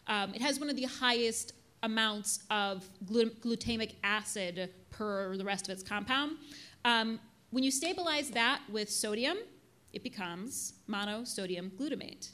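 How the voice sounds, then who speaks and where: A woman's voice: fairly high pitch, fairly bright tone. A woman presenting a talk with slides, telling the story casually with asides and fillers. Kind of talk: live talk to an audience with slides. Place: venue in a big city.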